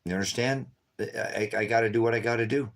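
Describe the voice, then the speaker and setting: A man's voice: medium pitch, steady tone, quick pace. A man livestreaming to his viewers, talking urgently and repetitively, tired from staying up all night. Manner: urgent and repetitive, constantly addressing viewers as guys. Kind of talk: unscripted livestream talk to viewers.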